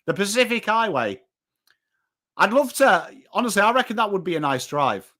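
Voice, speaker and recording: His voice sits high and sounds pushed and bright, swinging widely in pitch at normal speed. He's a man in his thirties from northern England hosting a live footy watchalong, chatting, rambling, swearing casually, and reading out chat names.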